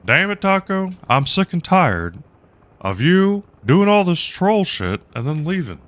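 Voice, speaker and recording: A stern Texan cartoon dad, put on by a man scolding in a raised, exasperated voice. The pitch jumps high and swings widely. The accent is a rough attempt. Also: big pitch swings, unhurried, a bit bright, dry recording, heavily acted.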